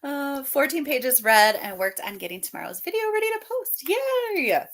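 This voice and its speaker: Lively woman hosting a chatty stream. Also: high-pitched, normal speed. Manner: laughs often, animated, stumbles over words. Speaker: livestream host. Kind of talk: casual chat, reading out viewer comments.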